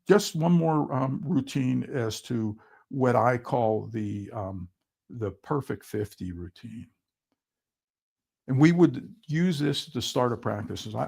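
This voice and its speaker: A man speaking as a swim coach, presenting an online seminar with slides in a halting way, with frequent ums and restarts. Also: medium pitch, gravelly, darkish tone, breathy edge.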